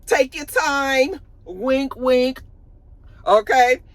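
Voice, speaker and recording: A woman voicing a sly old grandmother who sweet-talks her grandson, drawing her words out slowly. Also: high voice, dry recording, voice pushed up. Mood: coaxing. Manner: sweet-talking, drawn-out, conspiratorial.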